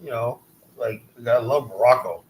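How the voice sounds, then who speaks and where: A man's voice: mid-range voice, moderate pace, slight background noise. A man from Queens, hosting a livestream and ranting casually in a profane, rambling, mocking way. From South Jamaica, Queens, New York. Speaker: livestream host.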